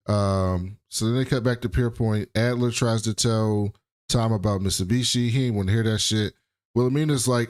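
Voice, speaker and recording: A man co-hosting a casual podcast, recapping a TV episode in an animated, slangy way. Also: medium pitch, moderate pace. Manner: animated, acts out characters, slangy. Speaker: podcast co-host.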